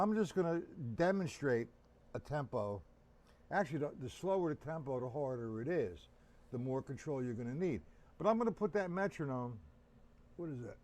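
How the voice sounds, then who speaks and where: A man teaching drums on a live stream, counting beats aloud and talking casually to his viewers. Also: medium pitch. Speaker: drum teacher. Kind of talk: live-streamed drum lesson. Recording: drum kit loud behind voice. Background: drums and metronome.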